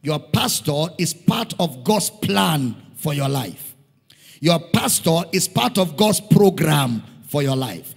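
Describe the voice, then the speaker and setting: Middle-aged Nigerian pastor, high and emphatic, preaching with repetition in a reverberant church hall. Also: male voice, animated, slow pace, creaky, husky, soft background music. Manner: emphatic preaching, repeating lines for stress. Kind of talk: sermon.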